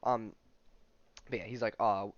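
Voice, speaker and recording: A man's voice: fairly low pitch, normal speed, a bit bright, dry recording. A man hosting a podcast, casually recapping a comic with lots of fillers, in a dull, dry recording. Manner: casual, many fillers like "he's like". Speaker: podcast host.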